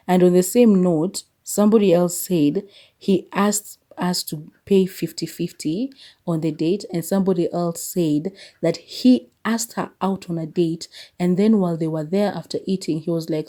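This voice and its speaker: A woman's voice: on the low side, fairly even intonation, normal speed, dark tone. A young woman hosting her own podcast, chatting casually and animatedly, laughing often and slipping between English and Swahili. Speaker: podcast host. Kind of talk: casual solo podcast chat.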